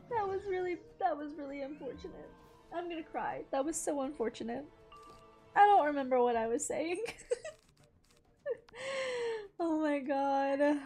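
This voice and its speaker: Chatty young woman streamer, high voice, squeals and laughs a lot, faint music under it. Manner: chatty and rambling, bursts into loud squeals and laughter. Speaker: gaming streamer. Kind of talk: casual gameplay commentary. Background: game music.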